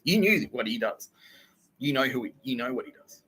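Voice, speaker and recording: A man's voice: medium pitch, lively intonation, normal speed, a bit bright, husky, poor audio. A man hosting a podcast, telling a wild story in a rambling, profane comic monologue with frequent laughter. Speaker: podcast host.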